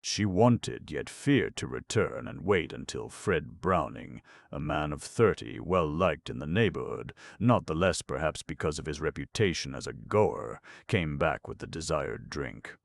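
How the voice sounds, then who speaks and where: A man narrates an audiobook in a measured, expressive reading. His voice is very deep with a gravelly edge. The sound is dry and close, with no room around it. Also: no room sound. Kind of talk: scripted narration.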